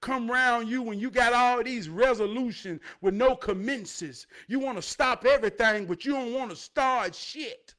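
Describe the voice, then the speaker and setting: A man with a strikingly high-pitched voice delivers a streetwise motivational sermon. He repeats lines for effect, draws some words out, and swears freely as he builds to shouted points. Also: moderate pace, few pauses. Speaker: motivational speaker. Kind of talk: preachy motivational monologue.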